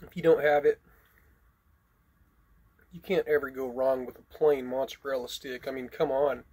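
A man's voice: fairly high pitch, steady tone, normal speed, darkish tone, breathy edge. A man hosting an eating vlog, talking casually and unhurriedly between bites. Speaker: mukbang vlogger.

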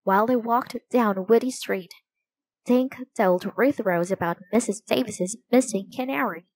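A woman narrating a children's storybook aloud in a slow, clear, even reading voice. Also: mid-range voice, dry recording, poor audio.

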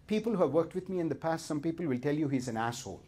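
This middle-aged seminar leader has an Indian accent and a fairly high, slightly rough voice with a dark tone, delivered in an animated, rapid-fire way. Playful and self-mocking, he speaks straight to the audience at his live seminar.

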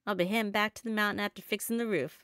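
A woman's voice: medium pitch, steady tone, rapid-fire, a bit bright, clean tone, dry recording, studio quality, pitched below the performer's own voice, lightly acted. A woman voicing a folksy miner dad from a game, reading his lines in a put-on Southern US accent. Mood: easygoing. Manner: drawling, folksy, laid-back. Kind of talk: reading game dialogue aloud.

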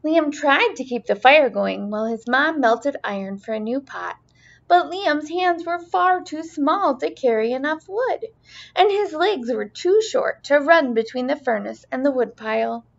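A woman teacher reading a children's storybook aloud in an expressive, sing-song way. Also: high voice, a little slow, creaky. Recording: dull lo-fi recording.

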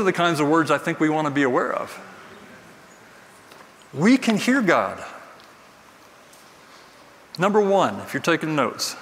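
A man's voice: fairly high pitch, sing-song, unhurried, long pauses, fairly bright tone. A man preaching a sermon in a church, earnest and emphatic, repeating his key phrases. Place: church sanctuary. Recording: distant mic in a reverberant hall with faint noise.

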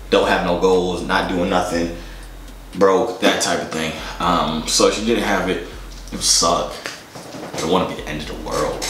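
A man's voice: low voice, fairly bright tone, a little hiss or hum. A young man casually answering fan questions in a joking, slangy, rambling way. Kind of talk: casual Q&A chat. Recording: echoey room.

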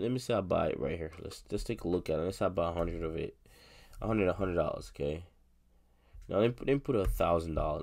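A man's voice: deep voice, gravelly, dark tone. A man reviewing a crypto token in casual solo commentary, rambling with slang, repeating himself and laughing.

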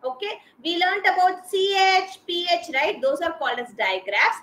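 A woman teaches a kindergarten class over a video call, high-pitched and crisp. She is patient and repeats each sound carefully for small children. The recording has a noticeable roomy echo. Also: very animated, moderate pace, fairly bright tone.

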